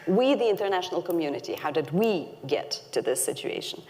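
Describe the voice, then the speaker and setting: A woman giving a prepared panel talk in a slightly low voice. She speaks earnestly and leans hard on the words that matter. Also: expressive, brisk, a little mellow. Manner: earnest, emphatic, stresses key words.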